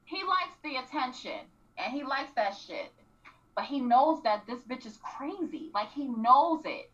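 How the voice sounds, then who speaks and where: Woman co-host, high bright voice, lively recap chat, mic sounds distant and dull. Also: unhurried. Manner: animated, acts out quotes, frequent throat clearing. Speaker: radio show co-host.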